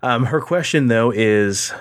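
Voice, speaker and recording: A man's voice: mid-range voice, a little slow, no room sound, clean studio sound. A man co-hosting a podcast, chatting casually and telling stories with lots of swearing and acted-out quotes. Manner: profane, animated storyteller acting out quoted voices. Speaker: podcast co-host. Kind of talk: casual chat.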